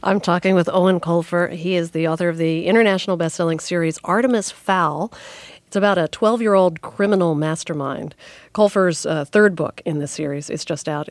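Measured woman radio host, dry studio. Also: lowish voice, no echo. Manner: measured, gently probing questions. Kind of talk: radio interview.

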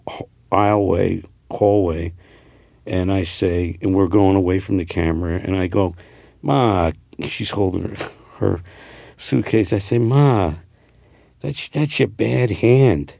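A man's voice: deep voice, fairly even intonation, normal speed, creaky, mellow, no room sound, clean studio sound. A man from New Jersey with a New Jersey accent, an actor talking casually in an interview, rambling with many fillers and restarts. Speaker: actor guest.

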